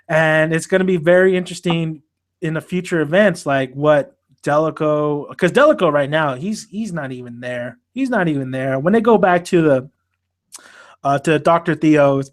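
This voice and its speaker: Male podcast host, casual anime chat, fairly high voice, animated, profane, mimics characters.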